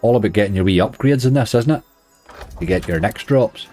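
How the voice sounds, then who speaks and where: A man's voice: fairly low pitch, brisk, a little mellow, soft background music. A man with a Northern Irish accent giving chatty running commentary as a slots streamer, grumbling at the game and chatting to viewers.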